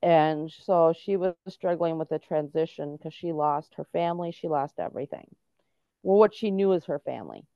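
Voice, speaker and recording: A middle-aged woman talks earnestly, explaining step by step with many restarts. Her voice sits low, and the recording is muffled and lo-fi. The sound is dry, with no room echo. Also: lively intonation, normal speed, mellow. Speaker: guest, autism and veterans advocate. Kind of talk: casual interview talk.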